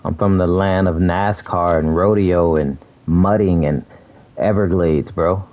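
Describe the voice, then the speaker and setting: A young man from South Florida with a very deep, low voice talks casually while he streams a shooter game. His tone is laid-back and easygoing, full of laughter and friendly banter. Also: steady tone, a little slow, muffled recording. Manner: laid-back, laughs often, says "bro" a lot. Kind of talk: casual chat while gaming.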